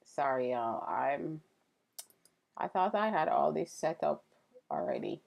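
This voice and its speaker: A chatty woman hosts a relaxed live stream, greeting viewers between tasks. Her voice sits low with a gravelly edge, and she talks at an unhurried, slow pace. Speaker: livestream host. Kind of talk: casual live-stream chat while carving.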